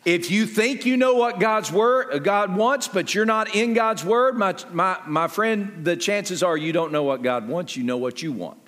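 A man preaching a sermon as pastor, talking conversationally with lively jumps in pitch and quick asides. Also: long reverb tail.

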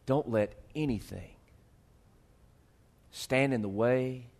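A male pastor preaching a sermon, swinging from hushed, slow lines to loud, rising appeals. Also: mid-range voice.

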